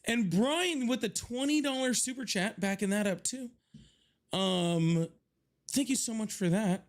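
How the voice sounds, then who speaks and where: A man's voice: high voice, measured pace. A young man hosting a casual livestream from his home office, chatting with viewers, thanking them by name and swearing freely. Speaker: livestream host.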